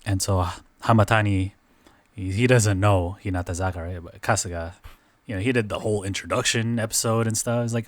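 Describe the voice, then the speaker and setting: A man's voice: on the low side, a little fast, no echo. A man hosting a podcast, recapping events in casual chat, full of "like" and "dude". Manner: lively storytelling full of "like" and "dude". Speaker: podcast host.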